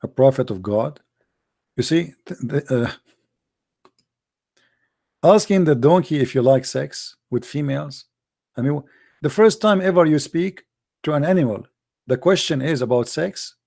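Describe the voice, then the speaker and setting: A man's voice: a little high, animated, a little slow, creaky, long pauses, warm tone. Combative male host. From Middle East. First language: Arabic. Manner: combative, mocking, blunt insults. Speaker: live-stream host. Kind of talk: heated live-stream debate.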